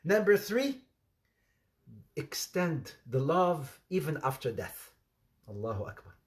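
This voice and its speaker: A man giving an informal sermon, telling anecdotes in an animated way with laughter and repetition. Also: fairly high pitch, slow. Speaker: Islamic preacher.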